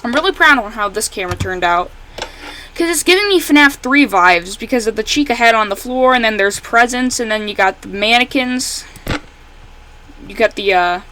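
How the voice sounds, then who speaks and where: A woman giving casual, rambling commentary while playing a fan game she made, correcting herself often and breaking into excited outbursts at the characters. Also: on the high side, moderate pace, slight background noise, rough recording. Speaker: fan game creator playing her own game.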